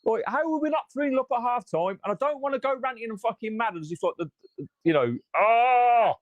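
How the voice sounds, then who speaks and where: A man's voice: extremely high pitch, animated, fast, dry recording. A man hosting a fan channel, reacting live after a match in a frustrated, sweary rant and reading out viewer comments.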